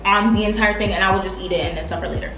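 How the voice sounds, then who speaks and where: A young woman co-hosts a casual mukbang eating vlog, chatting in a laid-back, playful way at a rapid-fire pace. Her voice is mid-range, and the recording sounds roomy, with background music.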